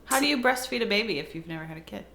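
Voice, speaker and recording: A woman's voice: medium pitch, lively intonation, racing, gravelly, sharp tone, echoey room, slight background noise. A woman co-hosting a podcast, cutting in with wry jokes and blunt questions. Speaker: podcast co-host. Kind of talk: casual chat.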